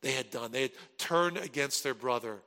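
A pastor preaching a sermon and telling a personal story, swinging from loud animated peaks to hushed earnest moments. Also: male voice, mid-range voice, moderate pace, long reverb tail.

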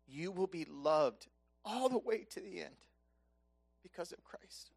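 A man preaching a sermon, impassioned and conversational, swinging between loud emphatic peaks and soft hushed lows. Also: lively intonation, a little slow, creaky, husky. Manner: conversational, casual asides.

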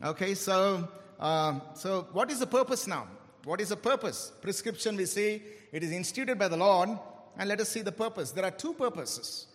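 High-pitched male preacher, emphatic sermon delivery, reverberant hall. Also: animated, a bit bright. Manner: emphatic, slows down and stresses key words.

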